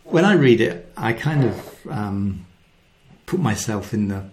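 A man giving a devotional talk, telling the story with animated acted-out quotes and dropping to a soft hushed voice for key lines. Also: fairly low pitch, slow pace, slight background noise. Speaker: Christian speaker.

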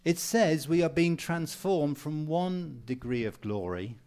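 A man's voice: a little high, lively intonation, a little slow, a little mellow. A man preaching a sermon in an earnest, encouraging way, repeating phrases for emphasis. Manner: mimics people for humor with raised voice.

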